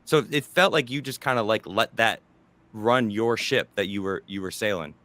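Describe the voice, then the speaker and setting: A man's voice: lowish voice, normal speed, a bit bright, dry recording. A man interviewing a guest, asking pointed questions and pushing back, often restarting his sentences.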